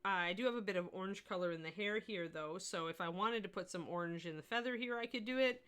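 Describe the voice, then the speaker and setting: A woman's voice: mid-range voice, quick pace, a bit bright, clear, resonant tone. A woman giving a casual livestream lesson on painting miniatures, chatting and answering viewers' questions as she works.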